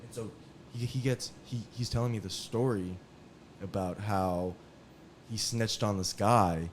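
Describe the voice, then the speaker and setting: A man telling casual stories on a podcast, animated and often laughing as he acts out what others said. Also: fairly low pitch, unhurried, background noise. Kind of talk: casual storytelling.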